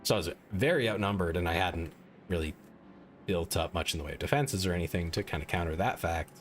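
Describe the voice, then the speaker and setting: A man with a very low voice talks loosely over his game, rambling and poking fun at himself as he goes. Faint game music plays quietly under him while he speaks into a desk mic. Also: fast. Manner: rambling and self-mocking, many "like" fillers. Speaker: game streamer. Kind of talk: casual gaming stream chat.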